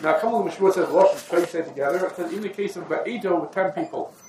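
A man's voice: high voice, fast. A man giving a halachic lesson, talking through the sources in a meandering, conversational way and mixing in Hebrew and Yiddish terms. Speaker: Torah teacher. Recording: echoey room with faint ambient noise.

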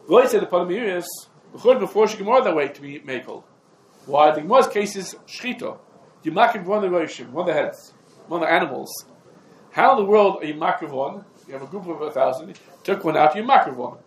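A man teaching a lecture on religious law, in quick clipped phrases with repeated fillers like "come on" and "over here". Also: high-pitched. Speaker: Talmud teacher. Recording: echoey room with faint background noise.

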